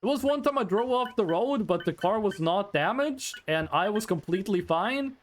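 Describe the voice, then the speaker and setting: High, lively-voiced male streamer. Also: moderate pace, slight background noise. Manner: rambling, reads chat aloud, frequent ums. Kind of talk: casual live-stream chat.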